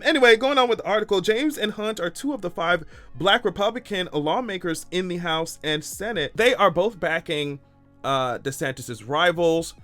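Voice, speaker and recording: A man giving sarcastic, animated, profane commentary in a casual vlog. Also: sits high. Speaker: commentary vlogger.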